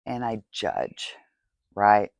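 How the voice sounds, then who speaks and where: A woman's voice: extremely low pitch, very animated, extremely slow, creaky, darkish tone, dry recording, muffled recording. A woman hosting a podcast, speaking candidly in a confessional monologue, often asking "right?". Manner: candid, tearful, asks rhetorical "right?". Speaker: podcast host.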